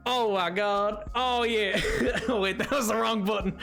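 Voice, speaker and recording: A man's voice: high-pitched, fairly even intonation, a little slow, a bit bright, faint music behind. A man streamer chatting casually while playing a game live, rambling with stammered restarts and dry sarcasm.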